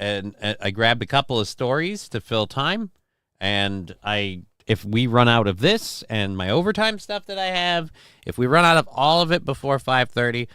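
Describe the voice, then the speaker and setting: A man's voice: medium pitch, fairly bright tone, clear, resonant tone, no room sound, clean studio sound. A man hosting a casual livestream from home, reading out viewer comments in a rambling, profane, self-deprecating way. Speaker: livestream show host.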